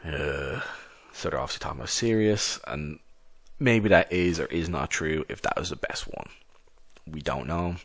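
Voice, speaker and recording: A man's voice: extremely low pitch, moderate pace, fairly bright tone. A man narrating a solo tabletop game in a casual, rambling way. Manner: casual, rambling, many restarts.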